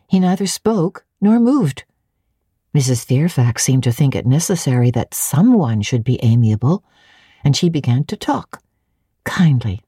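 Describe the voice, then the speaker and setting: Low husky woman narrating an audiobook. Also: dry recording, clean studio sound. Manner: expressive, clearly paced reading. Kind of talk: scripted narration of a classic novel.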